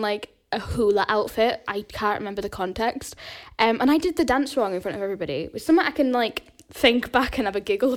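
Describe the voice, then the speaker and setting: A woman with a fairly high voice, talking casually as a podcast guest. She giggles often and pokes fun at herself. Her stories ramble along with plenty of ums and likes. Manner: giggly, self-deprecating, rambling with fillers.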